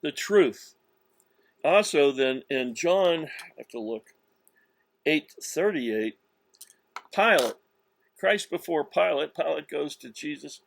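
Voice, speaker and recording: A man giving a slow, insistent religious monologue, with many restarts and stressed words. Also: on the high side, animated, creaky, no echo. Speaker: religious commentator. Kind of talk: self-recorded religious monologue.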